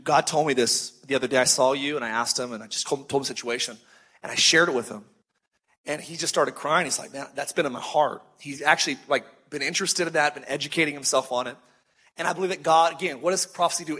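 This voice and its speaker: Bright, husky-voiced male preacher. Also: fairly high pitch. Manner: conversational storytelling with emphatic slowed phrases. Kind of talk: sermon.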